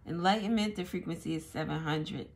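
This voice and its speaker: A woman giving a casual tarot reading, thinking out loud as she goes. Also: on the low side, fairly quick. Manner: musing aloud, thinking out loud. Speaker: tarot reader.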